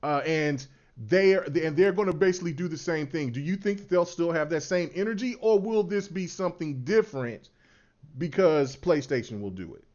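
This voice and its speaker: Hesitant higher-voiced man on dull audio. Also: lively intonation, moderate pace, darkish tone. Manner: asks long hesitant questions with many restarts. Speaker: podcast co-host. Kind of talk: casual gaming podcast chat.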